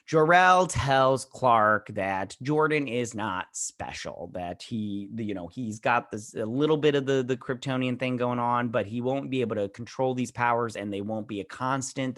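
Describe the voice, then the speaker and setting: A man's voice: medium pitch, a bit bright. A man in a mid-range voice recaps a TV episode in a loose, rambling way. He acts out bits of what characters say and drops blunt, sometimes crude asides. He sounds like a casual review host.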